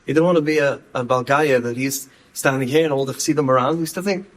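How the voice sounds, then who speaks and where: Guy telling stories, animated, says things twice for emphasis. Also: mid-range voice, quick pace, poor audio. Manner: animated, repeats words for emphasis. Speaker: speaker. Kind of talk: storytelling talk.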